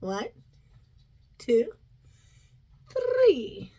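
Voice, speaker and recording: A woman's voice: high-pitched, wildly swooping pitch, very slow, gravelly, dark tone, poor audio. A middle-aged woman vlogging in casual, rambling chat, now and then cooing at her dog in baby talk.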